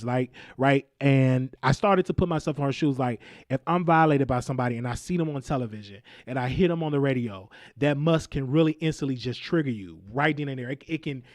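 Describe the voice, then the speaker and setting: A man's voice: medium pitch, darkish tone, no room sound. An earnest man hosts a podcast and comments casually in a mid-range voice. He halts and restarts often as he works through his thoughts. The recording sounds dry and close. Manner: earnest, halting, many restarts. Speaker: podcast host.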